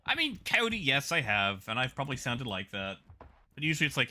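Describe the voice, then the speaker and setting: A man streaming a space game, chatting casually with his viewers as he plays. He rambles and mocks himself, with a bright, forward tone in a middle pitch. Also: big pitch swings, a little fast, slight background noise. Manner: rambling, self-mocking.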